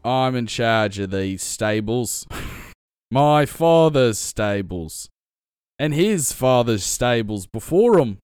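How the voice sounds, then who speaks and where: A man voicing a proud, old-money stable keeper who dislikes goblins, gruff and bossy, as an improvised character voice on a tabletop gaming podcast. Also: mid-range voice, big pitch swings, takes it slowly, darkish tone, no room sound, studio quality.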